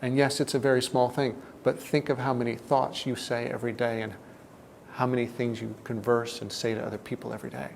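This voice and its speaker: A man giving a reflective self-help talk, deliberate and often dropping to a soft, low tone. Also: level tone, vocal fry, slight background noise.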